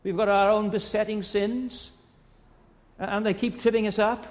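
A man's voice: high voice, flat delivery, moderate pace, in a large hall. A man preaching a sermon who retells a story and asks the listeners rhetorical questions.

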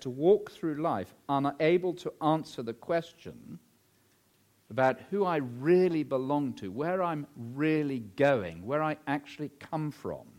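A middle-aged man preaching a sermon, emphatic, posing rhetorical questions and swinging his pitch widely. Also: a little mellow.

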